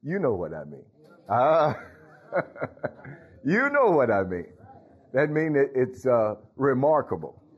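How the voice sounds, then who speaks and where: A pastor preaches in a folksy, conversational way, addressing his congregation directly. His voice is husky and sits mid-pitch for a man. The recording is dull and lo-fi. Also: wildly swooping pitch, takes it slowly, long pauses. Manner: folksy, talks to congregation, frequent hallelujahs and laughs. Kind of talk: sermon.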